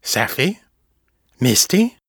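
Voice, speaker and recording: A man's voice: medium pitch, big pitch swings, slow, husky, no echo, studio quality, pitched above the performer's own voice, heavily acted. A man voicing a confused, anxious young man in an audiobook.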